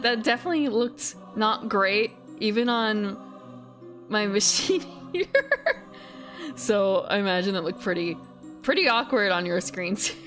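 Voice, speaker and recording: A woman's voice: on the high side, a bit bright. A woman streamer chatting casually while she plays, rambling and correcting herself as she goes. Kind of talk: casual gaming commentary.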